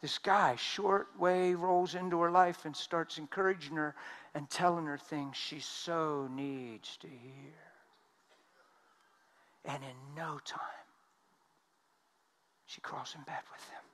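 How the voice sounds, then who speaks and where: A man preaching a sermon, telling stories with emphasis and swinging from loud outbursts to hushed tones. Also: on the high side, fairly even intonation, slow. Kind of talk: sermon storytelling.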